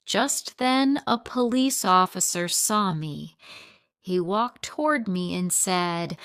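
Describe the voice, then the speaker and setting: A woman narrating a simple audiobook story for English learners in short, steady, plain sentences. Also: on the low side, takes it slowly, smooth, dry recording, clean studio sound.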